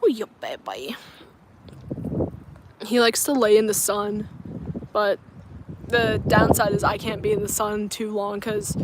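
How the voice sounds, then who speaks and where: A woman's voice: medium pitch, level tone, measured pace, noisy background. Chatty young woman vlogging outdoors. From North Carolina, US coast. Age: 20s. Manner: chatty, laughs often, answers viewer comments. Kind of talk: casual livestream chat. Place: outdoors, parking lot and grassy area.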